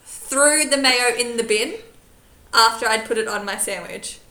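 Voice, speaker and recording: A woman's voice: fairly high pitch, measured pace, reverberant, low-quality recording. A young woman, a teacher and podcast co-host, chatting casually and acting out the people in her stories. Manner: animated storyteller, acts out quoted voices. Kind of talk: casual chat.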